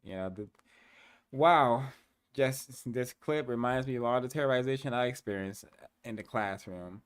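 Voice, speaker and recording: A man's voice: mid-range voice, moderate pace, smooth, no echo, studio quality. A man hosting a commentary program, speaking in an earnest, emphatic way. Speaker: host.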